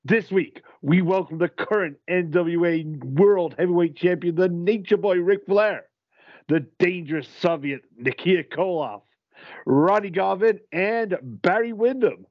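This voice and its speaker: A man's voice: sits high, measured pace, dry recording, highs cut off. A man doing an upbeat wrestling talk-show host. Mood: hyping. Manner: announcer-style, hyping.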